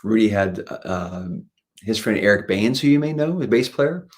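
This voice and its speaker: In this casual interview, a male singer-guitarist appearing as a guest speaks with a fairly low pitch at an unhurried, moderate speed. His storytelling wanders, full of fillers and false starts, and he perks up while recounting anecdotes.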